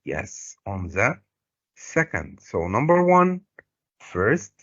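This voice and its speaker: A middle-aged Egyptian man, a native Arabic speaker, teaching a recorded English lesson. He pulls words apart slowly to stress each syllable and sometimes explains in Arabic. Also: fairly low pitch, very animated, fairly bright tone, no echo. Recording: dull, lo-fi dry recording.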